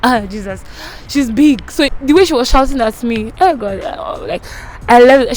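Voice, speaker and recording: A woman's voice: a little high, normal speed, darkish tone, poor audio. A young woman from Nigeria with a Nigerian accent, telling a dramatic school story to her channel viewers. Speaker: vlogger. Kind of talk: storytime vlog.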